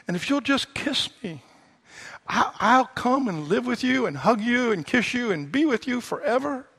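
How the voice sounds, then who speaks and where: A man's voice: very high-pitched, big pitch swings, moderate pace, gravelly, a bit bright, husky, voice pushed up, heavily acted. A man voicing a small female frog who claims to be a beautiful princess, sweet and coaxing, during a joke told in a sermon.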